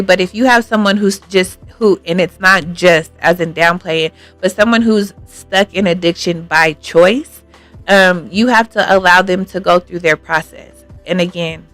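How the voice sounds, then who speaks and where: A woman's voice: lowish voice, a bit bright. Earnest woman hosting an advice show. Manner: earnest, thinks aloud with many fillers. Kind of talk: casual advice talk, reading viewer comments.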